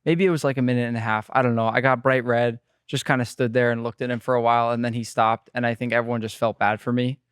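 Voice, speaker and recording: Brief: fast, smooth-voiced guest in his twenties, chatty storyteller. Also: mid-range voice, no room sound, clean studio sound. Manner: rambling, animated storytelling. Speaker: guest chef. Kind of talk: casual podcast interview.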